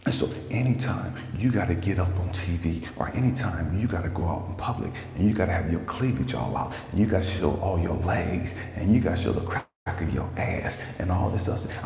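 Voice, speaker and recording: Profane, preachy young male coach, deep and gravelly voice, roomy reverb. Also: expressive, a little fast, hardly any pauses, a little mellow, a little hiss or hum. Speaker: life coach and speaker. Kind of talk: casual storytelling rant to camera. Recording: echoey room with long reverb, faint ambience.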